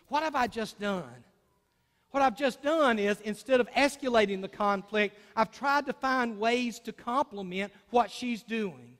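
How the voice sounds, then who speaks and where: Man, pulpit sermon, high voice, long church reverb, folksy storyteller. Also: measured pace, a bit bright. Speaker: preacher. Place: church hall.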